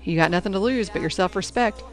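A woman's voice: mid-range voice, fast, faint music behind, natural voice. A woman voicing a sassy, teasing schoolgirl best friend in a storybook reading.

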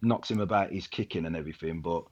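A man's voice: deep voice, quick pace, a little mellow. A man, a former footballer, reminiscing casually in a rambling way with many restarts. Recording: dull lo-fi sound.

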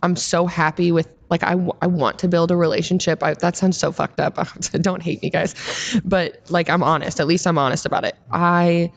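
A woman's voice: fairly low pitch, level tone, creaky. A woman in her twenties, a podcast guest, telling stories in a blunt, profane, casual way. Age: 20s. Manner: blunt, profane, rapid storytelling. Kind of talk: casual chat.

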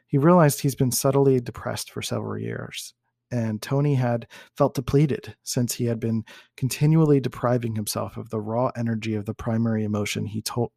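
A man reading a book passage aloud in a measured way, sometimes restarting words and adding comments of his own. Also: mid-range voice, gravelly, darkish tone, no echo, studio quality. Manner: measured, with occasional restarts and self-corrections.

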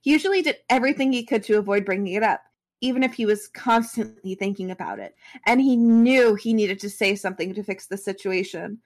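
A woman's voice: mid-range voice, brisk. A woman reading a fan story aloud as a podcast co-host, stopping now and then for casual asides.

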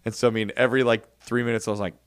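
A man's voice: medium pitch, racing, a little hiss or hum. A middle-aged man co-hosting a podcast, telling family stories in casual chat and laughing often. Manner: animated storyteller, laughs often. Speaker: podcast co-host.

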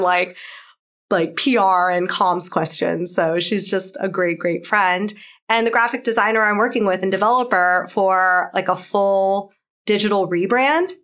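A woman's voice: medium pitch, fairly bright tone. A woman in her thirties, a guest entrepreneur and mother, talking in a chatty, casual way, laughing often and saying "like" a lot. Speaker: interview guest, pharma entrepreneur. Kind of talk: casual interview chat.

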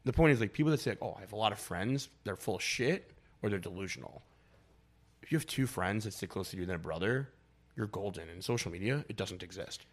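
A man's voice: fairly low pitch, lively intonation, quick pace. A young man chatting casually as a podcast guest, rambling and blunt, with lots of filler words and swearing. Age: young adult.

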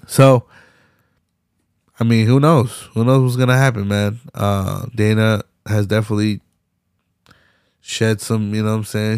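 A man's voice: on the low side, clear, resonant tone, no room sound, studio quality. A young man hosting his own podcast, talking solo in loose profane slang with plenty of laughter. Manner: profane, animated street slang, frequent laughs. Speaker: podcast host. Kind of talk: casual solo commentary.

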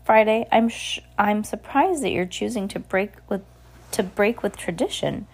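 A woman reading aloud and voicing a genial older male island leader who speaks cordially with gentle authority. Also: medium pitch, normal speed, pitched above the performer's own voice. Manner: cordial, smooth, gently commanding.

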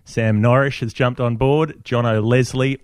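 A man's voice: medium pitch, steady tone, unhurried, smooth, dry recording, clean studio sound. A man, co-hosting a casual podcast chat in a wry, chatty way and thanking listeners by name. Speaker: podcast co-host.

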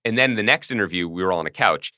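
A man's voice: low-pitched, fast, no room sound, studio quality. A man co-hosting a podcast, telling wry stories in a casual chat. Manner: wry, animated storytelling. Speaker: podcast co-host.

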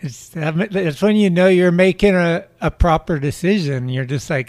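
A man's voice: moderate pace, no echo. Laid-back male podcast host. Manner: relaxed and low-key, short replies. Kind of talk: casual interview chat.

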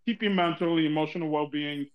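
Frustrated New man ranting, high voice. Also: fast, lo-fi sound. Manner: frustrated, profane, rambling. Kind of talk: casual podcast rant.

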